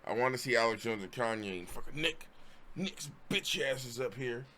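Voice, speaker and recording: A man's voice: medium pitch, lively intonation, normal speed, sharp tone, a little hiss or hum. A man streaming his reactions to a video, ranting profanely and sounding exasperated. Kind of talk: live stream commentary.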